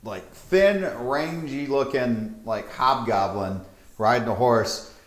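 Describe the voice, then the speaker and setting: A man's voice: mid-range voice, takes it slowly. A man running a tabletop game as game master, narrating casually and filling his talk with "like" and "kinda". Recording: echoey room.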